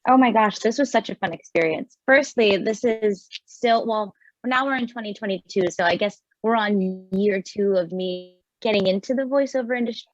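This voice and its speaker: A woman from New York City on a video call, telling her story as a voiceover contest winner in a bubbly, quick way. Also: medium pitch, no echo, lo-fi sound. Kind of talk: casual video call chat.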